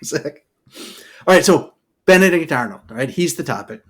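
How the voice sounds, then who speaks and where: A man co-hosting a podcast, telling history as a loose, animated story, full of "okay" and "all right" asides. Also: mid-range voice, fairly quick, slightly rough. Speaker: podcast co-host. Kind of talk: casual storytelling chat.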